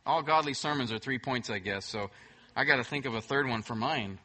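A man preaching a sermon as pastor, emphatic, swinging between loud bursts and soft, hushed moments. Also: mid-range voice, a little fast.

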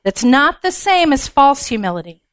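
A woman preaches to a gathering of women in a frank, down-to-earth way, with blunt humor. Her voice sits a little high. The sound is dry and close. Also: big pitch swings, moderate pace, fairly bright tone, no echo. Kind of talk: conversational sermon.

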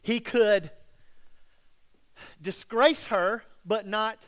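Male pastor, high voice, dramatic sermon storyteller with hushed drops. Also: very slow. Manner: dramatic storytelling with sudden drops to near-whisper.

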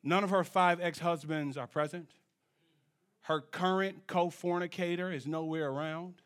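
A man preaching a sermon in church, swinging from low, quiet lines to shouted peaks and drawing answers from the congregation. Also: fairly even intonation, normal speed, clear, resonant tone. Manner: call-and-response with the congregation. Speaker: pastor.

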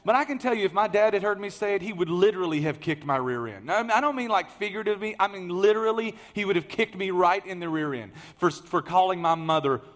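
A man preaching a sermon, telling the story in a lively way that swings from loud emphasis to hushed asides. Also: high-pitched, quick pace, few pauses.

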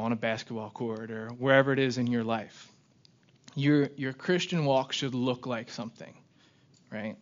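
A young man delivers a casual sermon in an easy, conversational way. He keeps asking "right?" and slips into mock grumbling for examples. His voice sits at an ordinary pitch, and the recording sounds a little muffled.

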